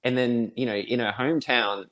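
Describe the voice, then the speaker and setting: An Australian man chatting as a guest in a casual interview. His voice sits at an ordinary middle pitch, and he talks in a rambling, friendly way with frequent chuckles. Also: fairly even intonation, moderate pace, a bit bright.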